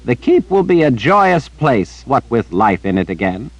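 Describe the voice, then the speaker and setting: A man's voice: medium pitch, very animated, unhurried, dry recording, voice pushed up, poor audio. A man doing a kindly old wizard. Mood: fond.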